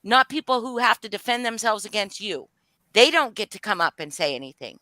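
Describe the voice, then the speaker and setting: Woman, fired-up livestream confrontation, profane and heated, bright voice, dry close sound. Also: medium pitch, very animated, fairly quick, no echo. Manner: angry, profane, voice rising and falling. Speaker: livestream guest speaking out. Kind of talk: emotional live-stream confrontation.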